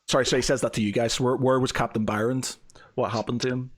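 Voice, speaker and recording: A man's voice: mid-range voice, level tone, fairly quick. A man narrating as game master, full of fillers and restarts as he describes the scene. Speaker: dungeon master.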